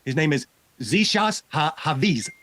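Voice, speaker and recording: A man's voice: fairly high pitch, animated, very fast. A man hosting a political podcast, talking loosely and swearing casually as he runs through results. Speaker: podcast host.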